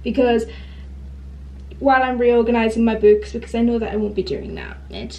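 A woman's voice: a little high, normal speed, a little mellow, muffled recording. A woman chatting in a bubbly, rambling way as a book vlogger. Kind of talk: chatty vlog.

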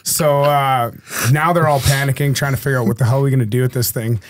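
A man's voice: medium pitch, fairly even intonation, quick pace. A man who is a former hockey player, telling a story as a podcast guest in a loose, rambling way full of fillers. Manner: rambling storyteller, many fillers like "you know". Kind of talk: casual anecdote telling.

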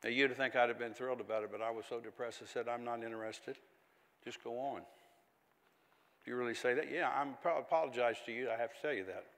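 An older man, a pastor telling stories in a sermon and rising to zealous, loud preaching. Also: medium pitch, very fast, few pauses. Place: church hall. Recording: echoey church hall.

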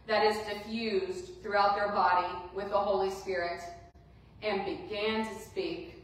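A woman pastor preaching a sermon with passion, repeating phrases and moving between loud and hushed delivery. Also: medium pitch. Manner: impassioned preaching with repetition, swinging from loud to hushed. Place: church sanctuary. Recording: far-off voice in a very echoey church room.

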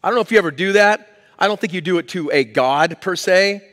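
A man's voice: high voice, brisk, a bit bright, in a large hall. A man preaching a sermon as pastor, in a conversational, emphatic way. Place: church hall.

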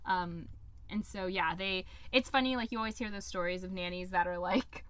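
A woman co-hosting a casual podcast chat, from Washington state, bubbly and quick to laugh as she talks about nannying. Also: on the low side, a bit bright, clear, resonant tone, dry recording. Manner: bubbly, laughs often, acts out kids' voices.

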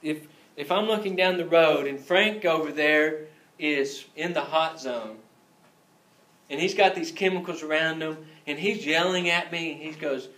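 A man's voice: fairly high pitch, a little slow, fairly bright tone, reverberant, poor audio. A man teaching an EMT class in a casual lecture style, joking and acting out scenes as he goes. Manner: joking, acts out scenes with voices. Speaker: EMT instructor.

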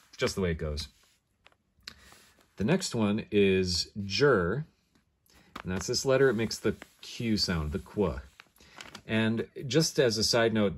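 Deep-voiced man explaining casually. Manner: rambling, self-correcting, thinks aloud with many fillers. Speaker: teacher of an esoteric alphabet.

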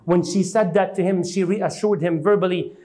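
Animated high-voiced male lecturer. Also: moderate pace. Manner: dramatic retelling, acting out quoted speech with rising pitch; asks the audience questions. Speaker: Islamic teacher. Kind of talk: storytelling religious lecture. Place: mosque lecture hall.

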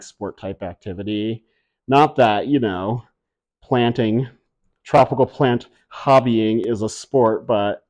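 A man from upstate New York talks to his viewers in a relaxed, unhurried way as a plant hobbyist vlogger. He is playful and rambling, and he likes to poke fun at himself. His voice sits at an ordinary middle pitch. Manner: playful, self-mocking, rambling. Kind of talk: casual vlog chat. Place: indoors, home with high ceilings.

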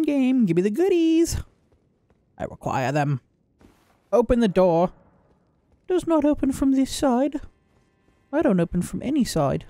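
Animated, wisecracking male gamer. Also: high-pitched, dry recording. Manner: joking, swearing, loud exaggerated reactions. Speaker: gaming video creator. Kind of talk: casual gameplay commentary.

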